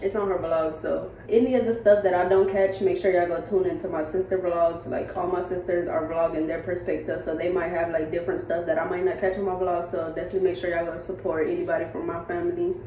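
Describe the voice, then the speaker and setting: A woman's voice: fairly low pitch, little pitch movement, fast, few pauses, warm tone, recorded from a distance, slight background noise. A woman, vlogging in a casual, heartfelt way and talking straight to her viewers in a rented house. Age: 20s. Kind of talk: casual vlog chat. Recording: roomy, slightly dull home audio.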